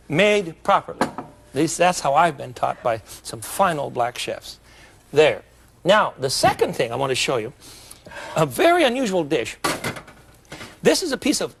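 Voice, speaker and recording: A man hosting a cooking demonstration in a studio kitchen, talking in a folksy, chatty way with jokes and asides, and getting excitable when enthused. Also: fairly high pitch, creaky, slight background noise. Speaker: cooking show host.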